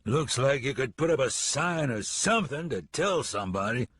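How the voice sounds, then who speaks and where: A man's voice: mid-range voice, expressive, normal speed, fairly bright tone, no echo, clean studio sound, voice pushed up. A man voicing a hot-tempered, parched, exhausted drifter from Virginia who growls and curses. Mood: ornery. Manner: gruff, growling, cursing.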